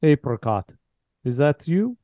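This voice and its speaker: A man's voice: a little high, big pitch swings, unhurried, warm tone, no echo. A man voicing an eerie, coaxing male figure in a horror tabletop game. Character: eerie talking male torso, calm and coaxing.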